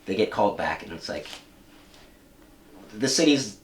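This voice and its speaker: A man hosting a casual podcast, retelling a comic story in an animated, profane way with lots of fillers. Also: on the low side, a little slow, a little hiss or hum. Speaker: podcast host. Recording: roomy room, mic at a distance.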